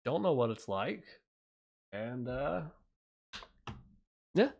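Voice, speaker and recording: Casting: male livestreamer, mid-pitched, angry profane rant, rambling delivery. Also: very animated, drawn-out words, vocal fry, darkish tone.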